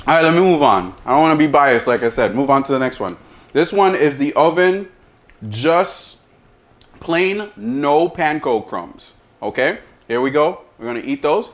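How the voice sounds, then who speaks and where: A man hosting a casual cooking demo and taste test, humming over each bite and talking with his mouth full. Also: on the high side. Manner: talks with mouth full, lots of savoring hums; slow, relaxed delivery. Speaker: chef, cooking show host.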